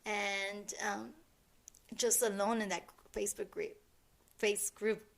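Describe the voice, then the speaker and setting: A middle-aged woman co-hosting a podcast, speaking softly and haltingly with many restarts. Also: mid-range voice, fairly even intonation, vocal fry. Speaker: podcast co-host, medium. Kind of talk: casual chat.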